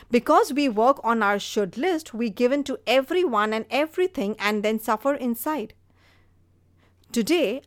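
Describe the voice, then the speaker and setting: A woman's voice: on the high side, dry recording. Motivational podcast host, woman, earnest storyteller, fillers, dry booth sound. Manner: earnest, storytelling, frequent "you know" fillers. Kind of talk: motivational talk.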